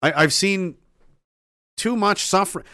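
A man's voice: high-pitched, a little slow, bright, forceful tone, dry recording, studio quality. A man delivering a heated, profane opinion rant, emphatic and rambling, with restarts and asides.

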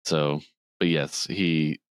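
Deep-voiced man recapping a movie. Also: fairly even intonation, slow, clean tone, dry recording. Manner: retells scenes, acting out quotes in a higher voice. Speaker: podcast co-host. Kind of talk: casual movie recap chat.

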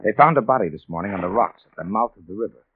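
An actor playing a calm, probing police investigator in a vintage radio drama, pressing with measured questions. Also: male voice, on the low side, breathy edge. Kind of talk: 1940s radio acting. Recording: tinny old radio broadcast with faint hiss.

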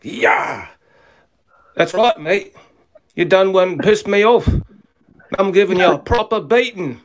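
A man putting on a loud mock-Cockney thug. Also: high-pitched, expressive, slow pace, voice pushed up. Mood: menacing. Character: blustering Cockney tough guy threatening a beating.

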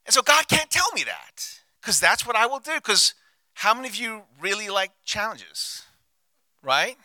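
A man preaches into a handheld mic, his voice high and strikingly bright. He is passionate, dropping low and quiet, then rising to loud, ringing declarations. The sound is close and dry, with almost no room. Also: big pitch swings, normal speed, dry recording. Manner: passionate, swings from hushed to loud. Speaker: pastor. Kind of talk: sermon.

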